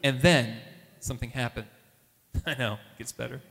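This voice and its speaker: A man telling a lively faith story as a testimony, acting out the voices of the people in it. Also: normal speed, gravelly. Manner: animated, acts out quoted voices with big pitch jumps. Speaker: speaker at a Catholic gathering. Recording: long hall reverb.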